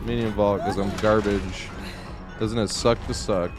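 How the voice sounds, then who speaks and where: A man's voice: lowish voice, steady tone, a little slow, over music. A young man streaming a video game, chatting casually and rambling, laughing often and swearing freely. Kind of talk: casual gaming stream chat.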